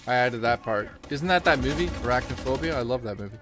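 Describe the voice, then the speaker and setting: A man hosting a live stream, reading viewer donations aloud and adding quick joking asides. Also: mid-range voice, animated. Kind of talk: casual live-stream banter.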